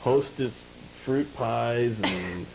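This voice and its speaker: A man co-hosting a casual chat show, trading wry remarks and slowly telling his own story. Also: mid-range voice, vocal fry, a loud crowd, poor audio. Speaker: show co-host.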